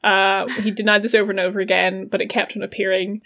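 A woman's voice: mid-range voice, flat delivery, fast, fairly bright tone. A woman in a casual book discussion who reads passages aloud and then reacts to them. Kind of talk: casual book-club chat.

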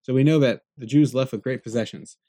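A man giving a Torah lecture, energetic, weaving Hebrew phrases into his talk and jumping up in pitch to stress a point. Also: a little fast. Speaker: Torah teacher.

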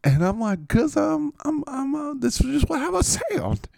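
A man's voice: very high-pitched, wildly swooping pitch, creaky, a little mellow, dry recording, clean studio sound, voice pushed up, heavily acted. A man voicing a cheerful, easygoing male football player with a Southern US accent, laughing and drawing out "man" in a comedic podcast bit. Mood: giddy. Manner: giddy, laughing, drawn-out "man".

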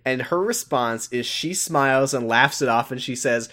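A woman's voice: a bass voice, normal speed. A woman co-hosting a podcast, recapping an episode in casual chat, swearing and acting out the characters' lines. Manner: animated, swears, acts out quotes. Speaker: podcast co-host.

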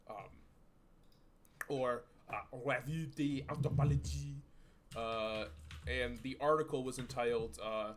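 Male co-host, mid-pitched, loose and jokey, hesitant fillers. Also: a bit bright, a little hiss or hum. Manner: laughing, full of fillers, crude jokes. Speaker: podcast co-host. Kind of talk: casual podcast chat.

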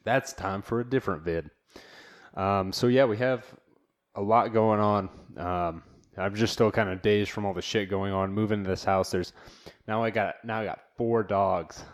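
A man talks through a solo podcast in a loose, laid-back way. He rambles with fillers and slang. His voice sits a little on the low side. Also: fairly even intonation, normal speed. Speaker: podcast host. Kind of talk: casual solo podcast chat. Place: new home studio.

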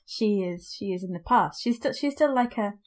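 A woman's voice: mid-range voice, lively intonation, normal speed, darkish tone. A woman co-hosting a podcast, chatting casually about a book and rambling with lots of fillers and asides. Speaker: podcast co-host. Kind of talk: casual book-club chat.

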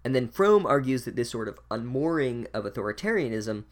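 A podcast host gives a casual, profane, sardonic recap of a book, wry and swearing a lot. His voice is medium-pitched, sing-song and brisk.

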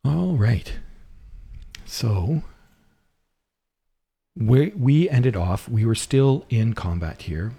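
A man narrating as game master of a tabletop game, relaxed and rambling, talking into a home mic on a voice call. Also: mid-range voice, drawn-out words, gravelly, pauses often, breathy edge.

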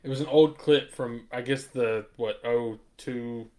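A man's voice: medium pitch, fairly even intonation, a little slow, darkish tone. Laid-back man hosting a sports podcast. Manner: laid-back, swears, laughs often. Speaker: podcast host. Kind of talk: casual sports chat.

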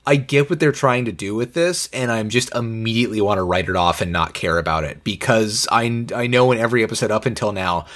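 A man's voice: lowish voice, fairly quick, hardly any pauses, a bit bright. A man co-hosting a podcast in casual conversation, rambling with many fillers and the odd swear word. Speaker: podcast co-host reviewing an anime.

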